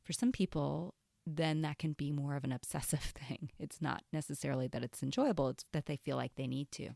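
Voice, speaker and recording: A woman hosting a self-help podcast, talking earnestly in a casual way and often dropping to a soft whisper. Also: low-pitched, steady tone, brisk, gravelly, no echo, clean studio sound. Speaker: podcast host and coach.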